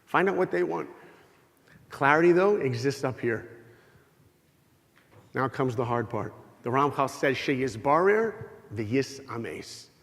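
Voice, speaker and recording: Speaking slowly and pausing often, a middle-aged man delivers a humorous, story-driven inspirational talk to a live crowd in a big hall. His medium-pitched voice comes with long reverb, and he animatedly plays out bits of dialogue.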